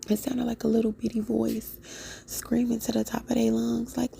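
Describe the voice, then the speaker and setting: A woman telling a dream in a soft, unvoiced whisper with many fillers, as a whispered vlog. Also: on the high side, monotone, normal speed, gravelly, a little hiss or hum. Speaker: vlogger.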